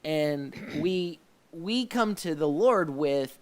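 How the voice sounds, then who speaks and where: A man's voice: a little high, lively intonation, slow, smooth. A man hosting a casual live faith discussion, speaking with many fillers and restarts and sounding keen about the scenes he recalls. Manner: enthusiastic about the scenes he describes. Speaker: host of a faith discussion show.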